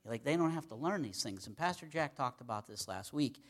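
A man's voice: mid-range voice, lively intonation, a little fast. A man preaching a sermon in a conversational, folksy way, with many fillers and repeated words.

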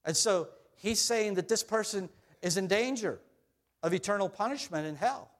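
A middle-aged man who is a pastor, earnestly preaching a sermon to his congregation. He swings up loud on scripture quotes and drops low and quiet on his questions. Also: moderate pace.

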